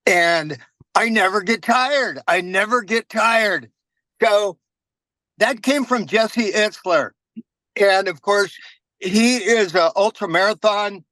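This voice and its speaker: A man's voice: sits high, takes it slowly, sharp tone, dry recording, low-quality recording. A man telling a motivational story in a casual, earnest way during a team meeting. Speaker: meeting participant.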